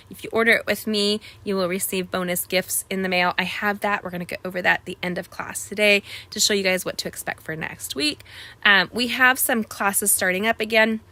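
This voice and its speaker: A woman's voice: medium pitch, bright, forceful tone. A woman, chatting bubbly and straight to viewers as host of a live crafting stream.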